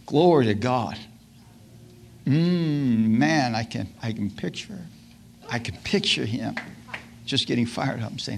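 A creaky, mid-range male voice delivers a sermon a little slowly, with long pauses and slight background noise. He calls out hallelujah and amen often, laughs, asks the congregation questions as call-and-response, and acts out scripture in lively voices.

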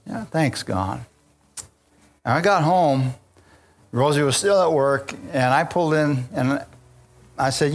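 Animated man preaching a testimony. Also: medium pitch, a little slow, long pauses. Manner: animated storyteller, calls out to congregation. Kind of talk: sermon testimony.

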